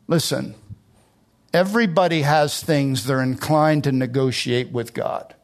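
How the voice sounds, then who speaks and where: A middle-aged pastor delivers a sermon, his voice sitting high for a man. He hammers key words by lifting his pitch and stretches out short phrases for weight, in the style of expository church preaching. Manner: emphatic preaching, rising on key words, slowing to stress phrases.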